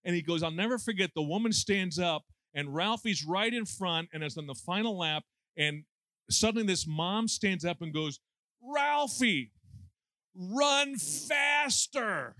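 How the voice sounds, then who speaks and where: A man's voice: high voice, moderate pace, fairly bright tone, dry recording. A man in his sixties preaching a conversational sermon with folksy, self-deprecating humor and lots of fillers. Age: 60s.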